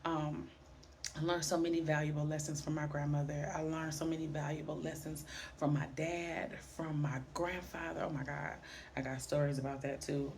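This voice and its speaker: Middle-aged woman vlogger, lower voice; animated storyteller who acts out the voices. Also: creaky, slight background noise. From Highland Park, Michigan, near Detroit. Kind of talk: personal storytelling vlog.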